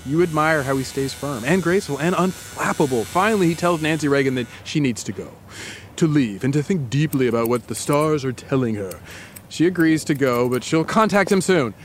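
A man's voice: fairly high pitch, expressive, a little fast, slight background noise. A male podcast host telling a dramatic story to his co-host in the second person. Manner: dramatic, builds scenes.

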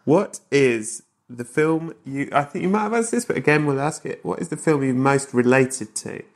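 A man's voice: medium pitch, moderate pace. A man hosting a podcast about films, teasing his guest in casual, joking chat with easy swearing. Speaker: podcast host. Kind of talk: casual comedic interview.

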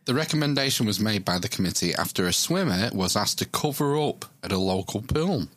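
A man's voice: lowish voice, animated, fairly quick, fairly bright tone, no room sound. A man hosting a podcast, reading out news stories and bantering playfully. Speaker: podcast host.

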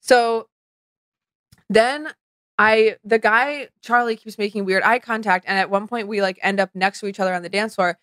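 A young woman co-hosting a casual chat podcast, telling an animated story full of "like" and quoted dialogue. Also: medium pitch, no echo, clean studio sound. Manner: animated, fast storytelling with lots of "like". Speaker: podcast co-host.

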